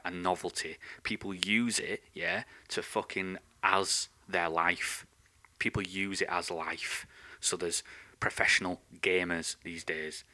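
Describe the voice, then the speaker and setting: Sweary man, sharp voice. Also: deep voice. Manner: sweary, rambling, animated. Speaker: podcast host. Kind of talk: ranting monologue.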